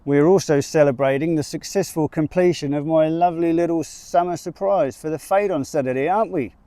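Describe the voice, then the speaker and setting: A man's voice: on the high side, a little fast, warm tone, no room sound, voice pushed up, lightly acted. A man voicing a jovial middle-aged male sheep farmer with a New Zealand accent and a cheeky, blustering salesman manner. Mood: hearty.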